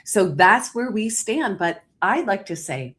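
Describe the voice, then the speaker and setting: A woman hosting a live online talk show over a video call, telling the story fast and emphatically, her pitch jumping up on key points. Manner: animated, emphatic storytelling with big pitch jumps. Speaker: host.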